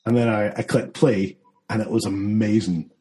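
Low mellow man, rambling. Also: fairly even intonation, moderate pace, poor audio. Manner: rambling, many fillers and restarts, laughs often. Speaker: filmmaker guest. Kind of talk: casual interview chat.

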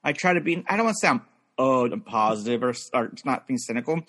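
A man's voice: mid-range voice, expressive, fast talker, a bit bright. A young man in casual chat, rambling with lots of fillers and restarts.

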